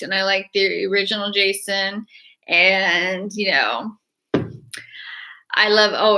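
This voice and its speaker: A young woman chatting excitedly in a casual livestream, rambling with restarts and laughter. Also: mid-range voice. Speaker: artist and horror-fan vlogger.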